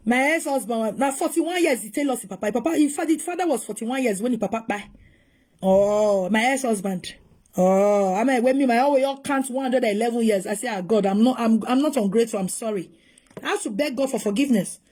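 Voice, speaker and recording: A middle-aged woman from Nigeria, with a Nigerian Pidgin English accent, talks straight to her viewers. She is animated and moves between pleading and scolding. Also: sits high. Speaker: vlogger. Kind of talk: emotional casual monologue.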